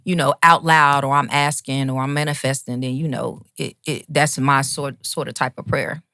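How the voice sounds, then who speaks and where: Animated woman telling a story. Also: very deep voice, normal speed, no echo, clean studio sound. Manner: animated, acts out quoted voices. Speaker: guest singer and radio host. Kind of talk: casual storytelling chat.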